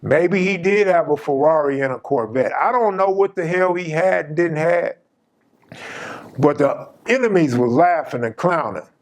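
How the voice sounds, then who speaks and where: A man's voice: on the high side, expressive, moderate pace. A man hosting his channel, casually telling a personal story in an emphatic, slang-heavy way.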